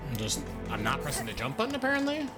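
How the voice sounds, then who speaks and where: A man's voice: medium pitch, huge pitch swings, fast, loud music behind the voice. A young man chatting casually while streaming a game live, reacting aloud to what happens and to his chat.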